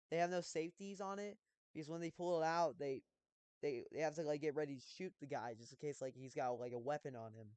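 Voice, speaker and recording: A young man streaming a game, telling a story casually, rambling with many fillers and restarts and bursts of loud emphasis. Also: a little high, smooth, dry recording. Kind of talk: casual storytelling while gaming.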